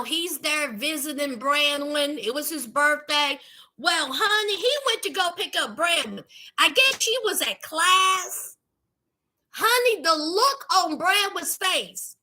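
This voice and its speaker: Play her as a sassy woman recapping a show, with a very high, sharply bright voice that swoops up and down. Keep her unhurried, dramatic and gossipy, leaning on every aside to her listeners. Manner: sassy, dramatic, calls listeners honey and child. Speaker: YouTube reality-TV recapper. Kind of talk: casual commentary recap.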